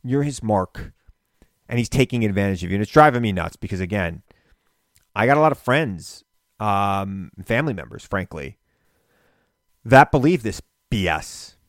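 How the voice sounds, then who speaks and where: A man hosting a radio talk show, delivering an animated political monologue with indignant emphasis. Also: fairly low pitch, moderate pace, pauses often, no echo, studio quality.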